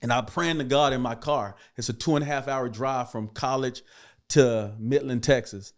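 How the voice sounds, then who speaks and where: A middle-aged man, a podcast guest, telling his life story with animated energy that builds to loud excited bursts. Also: mid-range voice, normal speed.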